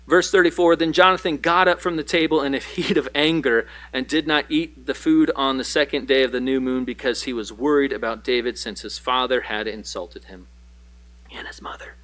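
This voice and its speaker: A male pastor teaching a Bible passage in a sermon, joking and animated, with quick asides and playful voices for the characters. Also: medium pitch. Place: church.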